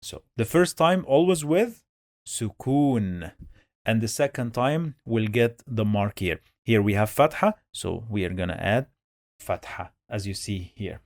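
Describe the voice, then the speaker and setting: A man's voice: lowish voice, expressive, unhurried, no room sound, studio quality. A man teaching Quran reading to beginners, patiently sounding out and repeating each syllable. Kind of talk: step-by-step reading lesson.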